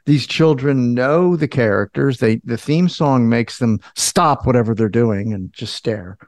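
A man's voice: mid-range voice, a little slow, dry recording, clean studio sound. A middle-aged man co-hosting a podcast, chatting casually, laughing and getting emotional. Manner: laughing, emotional, warm thanks. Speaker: podcast co-host. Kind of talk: casual chat.

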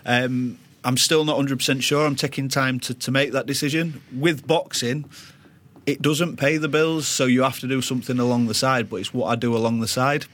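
A man's voice: mid-range voice, steady tone, normal speed, fairly bright tone. A young man, a boxer answering questions in a studio in a modest, plain-spoken way. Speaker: boxer and guest. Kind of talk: casual interview chat.

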